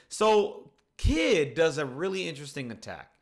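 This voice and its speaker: A man giving a casual, excited spoken recap of a manga chapter, swearing freely and filling his talk with "like" and "you know". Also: mid-range voice, moderate pace, hardly any pauses.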